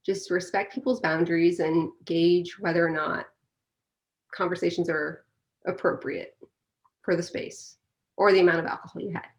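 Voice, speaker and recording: A woman's voice: lowish voice, steady tone, normal speed. A woman guest in a casual interview, speaking candidly and telling stories with animation.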